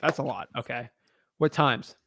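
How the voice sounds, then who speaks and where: A man's voice: mid-range voice, normal speed, creaky, bright, forceful tone, dry recording, clean studio sound. A man coaching a newcomer on a call, blunt and frank, calling him man and dude. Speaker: real estate wholesaling coach.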